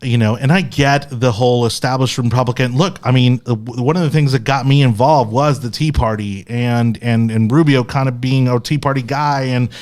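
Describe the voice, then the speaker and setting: A man's voice: mid-range voice, steady tone, normal speed, hardly any pauses, a little mellow. A man hosting a casual political podcast, giving opinionated and impassioned commentary. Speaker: podcast host.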